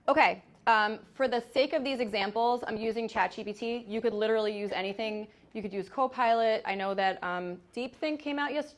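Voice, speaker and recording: A woman giving a live presentation in a large room, energetic and chatty, demonstrating as she goes. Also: mid-range voice. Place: large room with hundreds of agents.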